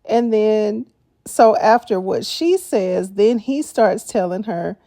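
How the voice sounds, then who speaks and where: A woman's voice: medium pitch, expressive, takes it slowly, dark tone, dry recording, clean studio sound. A woman hosting a reaction video, talking casually and expressively, with frequent exclamations and laughter.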